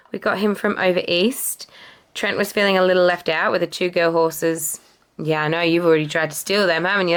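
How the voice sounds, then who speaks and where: A young woman chats casually to her camera at home, affectionate and chatty, breaking into coos for her dogs. Her voice sits a little low, and her pace runs loose and quick between pauses. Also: fairly bright tone, clean tone. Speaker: vlogger introducing her dogs. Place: home, indoors. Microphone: camera resting on the bed.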